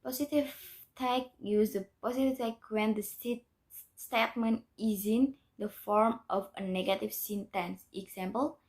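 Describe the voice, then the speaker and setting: A woman's voice: mid-range voice, fairly even intonation, measured pace, darkish tone. A young woman, a student, reading a grammar lesson aloud in a careful, methodical way with small restarts. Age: young adult. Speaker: student presenter.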